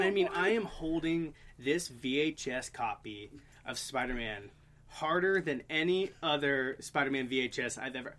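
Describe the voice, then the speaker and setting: A man in his twenties telling stories in a casual chat, animated and joking. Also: medium pitch, normal speed. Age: 20s. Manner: animated storyteller, puts on silly voices.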